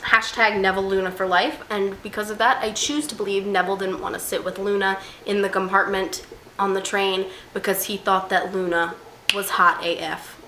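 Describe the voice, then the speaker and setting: A young woman talking through a book in a casual vlog. She is animated and self-mocking, swinging into mock outrage. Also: medium pitch, moderate pace. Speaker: book vlogger. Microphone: camera mic. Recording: roomy room with faint hiss.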